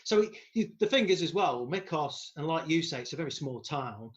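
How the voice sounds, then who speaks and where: Man, co-host, plot recap, slightly high voice, dull lo-fi sound. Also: animated, a little fast. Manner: sweary, laughing, recounts plot in detail. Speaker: podcast co-host. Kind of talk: casual chat recapping a film.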